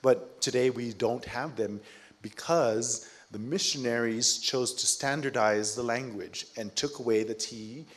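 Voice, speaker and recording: A man from Hawaii talking on a panel, earnest and halting, often restarting his phrases. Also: mid-range voice. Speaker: fiber artist and cultural advisor, panel speaker. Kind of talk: panel conversation.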